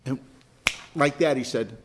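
A man, a pastor, leading a Bible study group, telling stories in a chatty, animated way with repeated words and laughs. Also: mid-range voice, measured pace, noisy background. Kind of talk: casual group discussion and storytelling.

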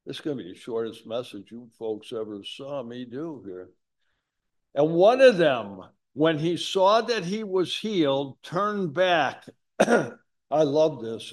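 A man preaching a sermon in a folksy, conversational way, with asides to his congregation. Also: medium pitch. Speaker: pastor.

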